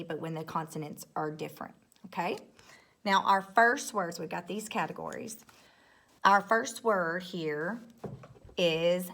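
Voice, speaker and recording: A woman teacher walking young students through a phonics lesson step by step, patient and clear, often checking in with "okay?". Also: medium pitch, a little slow, fairly bright tone. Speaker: third grade teacher. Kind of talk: recorded classroom phonics lesson.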